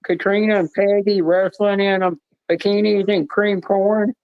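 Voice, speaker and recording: A man's voice: high-pitched, flat delivery, a little slow, clean tone, no room sound, dull audio. A man joining a stream chat, teasing and joking in a casual way. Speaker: guest on a stream.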